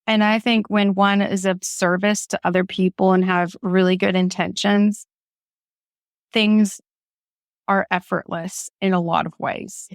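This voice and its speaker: A woman's voice: mid-range voice, steady tone, unhurried, dry recording, clean studio sound. A woman guest, talking openly and emotionally about her grief and the start of her project, laughing often as she speaks. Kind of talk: candid conversational storytelling.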